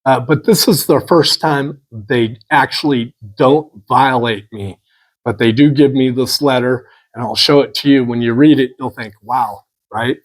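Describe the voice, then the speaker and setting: A man of ordinary pitch tells a long personal story in a loose, conversational way. He rambles, restarts and retells each exchange with "I'm like" and "he goes." He speaks as a local candidate addressing his supporters. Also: unhurried, low-quality recording. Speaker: political candidate.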